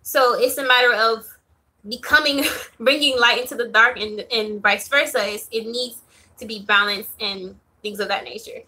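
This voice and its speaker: A young woman talking casually to camera about spirituality, loose and chatty, with lots of "um"s and soft laughs. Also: fairly high pitch, steady tone, moderate pace. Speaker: spiritual reader vlogger. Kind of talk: casual talking-head vlog.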